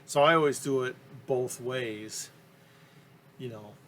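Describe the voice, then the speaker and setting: A man's voice: medium pitch, takes it slowly, fairly bright tone, slight background noise. A man talking casually about his collecting, rambling and enthusiastic, with frequent ums and restarts. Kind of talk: casual interview talk.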